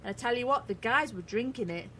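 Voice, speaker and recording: A middle-aged English woman co-hosting a radio show in casual banter, blunt and quick to swear. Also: a little high, lively intonation, bright, forceful tone, breathy edge. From England. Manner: blunt, swears freely, laughs often.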